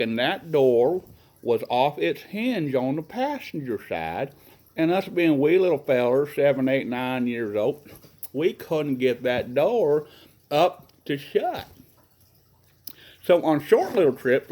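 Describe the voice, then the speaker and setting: A man's voice: medium pitch, a little mellow, rough recording. A middle-aged man casually telling rambling, earnest stories from his childhood in a folksy way. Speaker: vlogger telling family stories. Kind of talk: casual personal storytelling.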